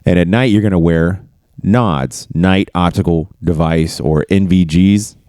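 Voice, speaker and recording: A man with a lowish voice tells army stories in casual chat, peppered with curses and growing animated as the tale builds. The sound is close and dry, with no room around it. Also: a little slow, no room sound. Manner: profane, animated storytelling. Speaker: podcast host.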